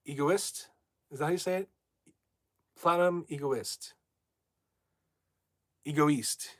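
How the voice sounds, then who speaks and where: A man's voice: fairly high pitch, moderate pace, a bit bright, no room sound. Brash young man chatting on a livestream. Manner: brash, rambling, reads viewer comments aloud. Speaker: livestream host. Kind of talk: casual livestream chat.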